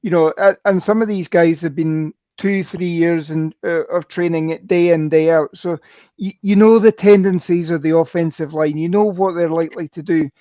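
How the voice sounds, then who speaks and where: A man's voice: fairly high pitch, steady tone, normal speed, mellow, no echo. A man co-hosting a podcast, talking in a rambling, self-correcting, sceptical way over slightly dull call audio. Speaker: co-host. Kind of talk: casual podcast chat.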